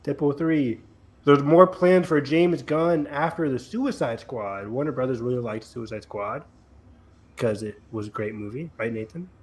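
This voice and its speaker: A man's voice: medium pitch, normal speed, slight background noise. A man co-hosting a casual podcast, joking and teasing the others about movies. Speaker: podcast co-host. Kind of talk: casual chat.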